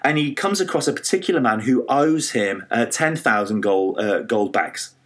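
Man preaching with lively storytelling. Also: mid-range voice, moderate pace. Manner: animated storytelling with many fillers and restarts, acting out quoted voices. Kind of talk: sermon retelling a parable.

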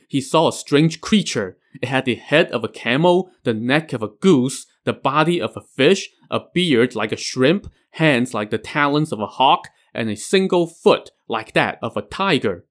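Man narrating legends casually. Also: mid-range voice. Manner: casual asides in retelling. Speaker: podcast host. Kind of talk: storytelling narration.

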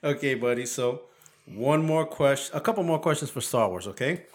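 A man's voice: mid-range voice, expressive, moderate pace. A man in his forties hosting a casual podcast, quizzing his young son playfully and teasing with frequent laughs. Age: 40s. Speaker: podcast host and father.

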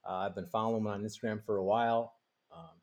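A man's voice: on the low side, steady tone, quick pace, vocal fry, darkish tone. A man hosting a podcast, giving an upbeat intro and chatting with guests. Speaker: podcast host. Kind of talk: podcast intro and casual chat.

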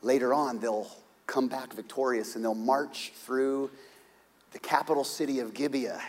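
A middle-aged man preaching a sermon as pastor, telling the story dramatically with shouts and hushed whispers. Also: mid-range voice, fairly even intonation, measured pace, in a large hall.

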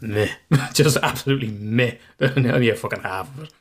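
A man co-hosts a podcast, telling rambling everyday stories in a casual chat. He swears freely and laughs often. His voice sits at an ordinary mid pitch. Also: a little fast, breathy edge. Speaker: podcast co-host.

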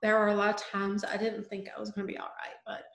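A middle-aged woman, a mother and guest, talking haltingly, often breaking off mid-sentence and dropping to a near murmur. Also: mid-range voice, monotone, a bit bright. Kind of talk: emotional conversation. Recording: echoey room.

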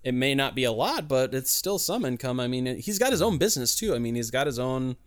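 A man hosting a loose, casual podcast chat, his pitch swinging widely as he talks. He is blunt and swears freely, and he often trips and restarts mid-sentence. His voice sits at an ordinary middle pitch. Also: animated, fast talker. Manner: blunt and profane, frequent restarts. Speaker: podcast host.

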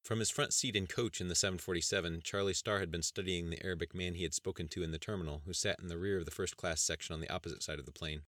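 A man narrates an audiobook with a low, deep voice. The delivery is steady and measured, recorded close and dry with no room sound. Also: dry recording.

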